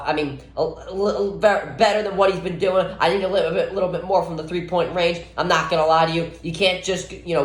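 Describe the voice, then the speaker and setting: A man's voice: a little high, fairly bright tone. Exasperated young man ranting about basketball. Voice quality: voice cracks. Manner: exasperated, scolding players directly. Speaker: sports vlogger. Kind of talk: ranting sports analysis vlog. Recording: roomy echo.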